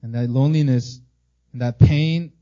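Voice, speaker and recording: A man's voice: medium pitch, fairly even intonation, normal speed, warm tone, muffled recording. A middle-aged man born in Korea and raised in America, preaching an earnest, emotional sermon with frequent restarts and repeated words. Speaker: pastor.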